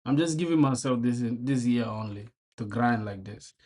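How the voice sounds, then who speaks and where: A man's voice: medium pitch, moderate pace, a little mellow. A young man live-streaming while he codes, chatting casually with slang, mumbling code aloud and often breaking into laughter.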